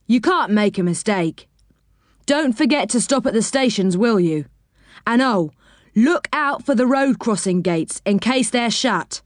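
A woman's voice: a little high, animated, a little slow, no echo, studio quality. A woman voicing a patient, kindly train driver explaining the controls in a storybook reading.

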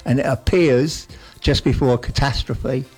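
Rambling New radio co-host, mid pitch. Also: male voice, steady tone, normal speed, darkish tone, husky, faint music behind. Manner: rambling, enthusiastic, laughing often. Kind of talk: casual radio banter. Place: radio studio.

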